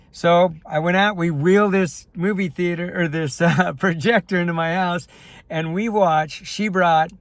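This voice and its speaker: A middle-aged man speaks candidly to the camera, his voice sitting a little high for a man. He tells a personal story with real emotion, slipping into quoted dialogue. The sound is close and dry, with no room echo. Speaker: life coach and filmmaker sharing his story. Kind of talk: personal video talk to camera.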